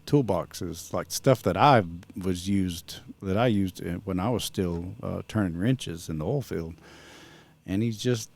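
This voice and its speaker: A man's voice: on the low side, dark tone, no echo. A middle-aged man vlogging in a casual, rambling chat that drifts onto sidetracks.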